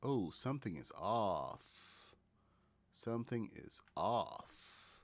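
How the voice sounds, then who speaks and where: Deep-voiced Caribbean man streaming. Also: very animated, extremely slow, creaky. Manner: thinks aloud, talks to chat while building. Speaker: gaming streamer. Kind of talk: casual building tutorial commentary.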